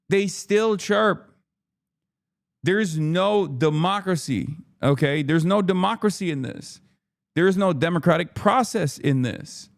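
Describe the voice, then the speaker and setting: A man hosting a livestream, ranting in frustrated, profane political commentary. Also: high voice. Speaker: livestream host.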